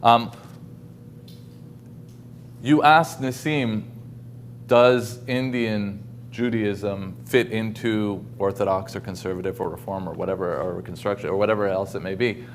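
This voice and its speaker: A man's voice: on the low side, fairly even intonation, unhurried, pauses often, a little hiss or hum. A man giving a casual talk over a video call, with many ums and restarts. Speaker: guest speaker. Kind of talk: informal lecture.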